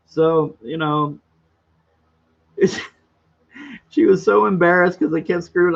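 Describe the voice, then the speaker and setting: A man chatting on a livestream in a rambling, boisterous, self-mocking way, his voice pitched a little higher than most men's and a touch hoarse. The sound is dull and lo-fi. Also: moderate pace, long pauses. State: slightly hoarse throat. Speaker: livestream host reading chat. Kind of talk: casual livestream chat.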